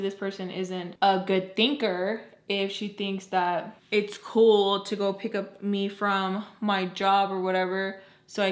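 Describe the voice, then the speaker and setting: A woman's voice: medium pitch, roomy sound. A young woman telling a story to the camera in a casual, blunt, mouthy way, swearing freely. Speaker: storytime vlogger.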